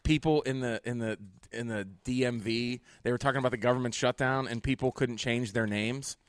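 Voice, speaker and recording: A man's voice: medium pitch, fairly even intonation, fairly quick, clear, resonant tone, no echo. A man, a comedian hosting a podcast, rambling through comedic stories and laughing at his own bits, recorded in a large empty hotel conference room. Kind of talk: casual comedic banter.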